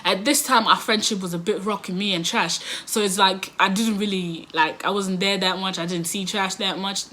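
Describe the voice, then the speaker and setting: A woman telling a story casually to camera, animated, often laughing and acting out what others said. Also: mid-range voice, normal speed. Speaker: vlogger.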